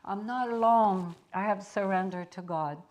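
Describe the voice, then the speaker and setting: A woman's voice: mid-range voice, measured pace, a little mellow, close to an everyday voice. A woman voicing a lost, devout woman who pleads and prays earnestly. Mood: fervent.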